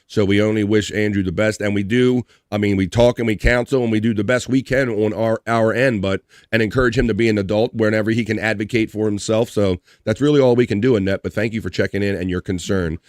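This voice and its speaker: A man hosting a casual live stream, reading out viewer comments with upbeat shout-outs. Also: on the low side, steady tone, fast talker, few pauses, no echo, clean studio sound.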